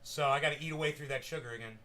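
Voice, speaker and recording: A man chatting casually to viewers at home, rambling and swearing, jumping from loud bursts to mumbling. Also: on the high side, rapid-fire. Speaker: cannabis vlogger. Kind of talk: casual stoned chat to viewers.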